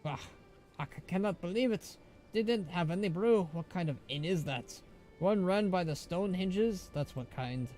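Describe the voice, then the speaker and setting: A man voicing a male dwarf brewer in a game, with a gruff put-on brogue. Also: high-pitched, expressive, moderate pace, darkish tone, soft background music, pitched above the performer's own voice. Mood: grumbling.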